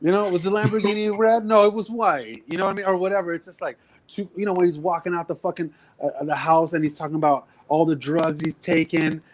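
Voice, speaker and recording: Animated, profane male podcast co-host. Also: a little high, fast, few pauses, a little hiss or hum. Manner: animated, profane, acts out movie lines. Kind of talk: casual chat.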